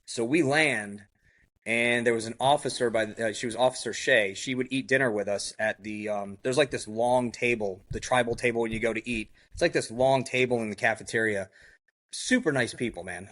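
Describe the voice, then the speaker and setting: Guy on a podcast telling his story, lively, acts out what people said, lots of "like" and "you know". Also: mid-range voice, a little fast. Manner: heavy use of "like" and "you know". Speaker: podcast guest. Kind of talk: recounting a survival story in a podcast interview.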